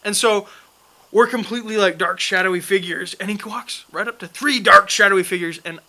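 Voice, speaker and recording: A man's voice: high voice, brisk, bright, forceful tone, rough recording. A young man telling a funny story in a casual chat, laughing often as he goes.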